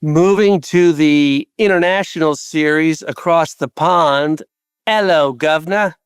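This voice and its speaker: A man co-hosting a sports betting podcast, briskly reading through trends and numbers with the odd filler. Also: on the high side, steady tone, smooth, no room sound. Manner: brisk, numbers-heavy delivery with filler uhs. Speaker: podcast co-host.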